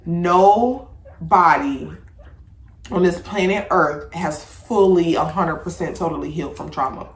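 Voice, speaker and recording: A woman hosting a casual podcast chat, talking bluntly with plenty of swearing and lively storytelling. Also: lowish voice, a little slow, echoey room, slight background noise. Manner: blunt, profane, animated storytelling. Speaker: podcast host. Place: home room with incense.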